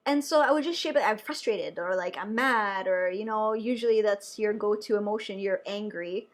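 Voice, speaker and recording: A young adult woman, a nurse, telling a personal story to camera in a chatty, animated way with lots of fillers. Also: mid-range voice, normal speed.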